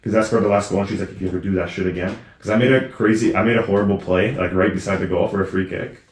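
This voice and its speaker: A man's voice: fairly low pitch, fairly even intonation, quick pace. A young man co-hosting a podcast, telling boastful stories and teasing his sister in casual banter. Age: young adult. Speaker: podcast co-host. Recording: echoey room.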